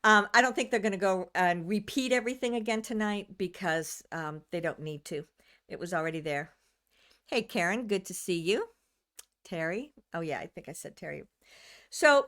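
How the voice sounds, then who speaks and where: An American woman who works as a channeler hosts a live stream, her medium-pitched voice brisk and fairly bright. She chats casually with viewers, rambles, restarts sentences, and greets people by name.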